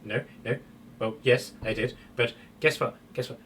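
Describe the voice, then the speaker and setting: A man voicing a small, childish creature who chatters excitedly about eating things. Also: medium pitch, normal speed, a little hiss or hum, natural voice.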